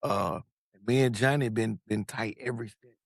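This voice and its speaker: Animated man telling his story, dry sound. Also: lowish voice, normal speed, gravelly, dry recording. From Long Beach, California. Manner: animated, profane, acts out quoted voices. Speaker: podcast guest. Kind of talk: casual storytelling.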